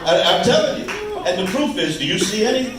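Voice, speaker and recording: A man doing stand-up on a small club stage, ribbing the audience with quick jabs and stop-start asides. His voice sits a bit high, and it comes across distant and echoing, with a faint hum of the room underneath. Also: lively intonation. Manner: wisecracking, teasing the crowd, halting restarts. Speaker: stand-up comedian. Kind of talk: stand-up comedy set. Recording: echoey room, mic heard from afar.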